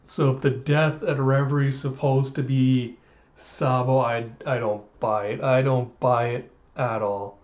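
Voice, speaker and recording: A man's voice: mid-range voice, steady tone, unhurried, darkish tone, lo-fi sound. Man casually recapping a comic chapter. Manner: loose retelling with asides. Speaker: manga reviewer.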